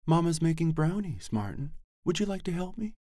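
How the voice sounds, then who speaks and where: A man voicing a devout middle-aged mother who coaxes her son in a languid, honeyed voice, evenly modulated and warm. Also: fairly high pitch, sing-song, fairly quick, no echo, studio quality, pitched above the performer's own voice. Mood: coaxing.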